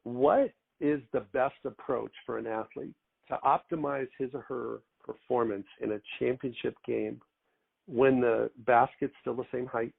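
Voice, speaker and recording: A middle-aged man hosts in a measured way, building up long questions step by step. His voice is gravelly, with a mid-range pitch. It comes through a tinny, phone-like line. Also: fairly even intonation. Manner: deliberate, long wind-up questions. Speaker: podcast host. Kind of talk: interview questions.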